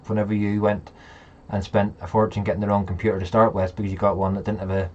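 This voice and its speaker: A man's voice: fairly low pitch, level tone, fast, a little mellow, dull audio, slight background noise. A man hosting a casual live chat, rambling and talking straight to his viewers. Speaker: livestream host.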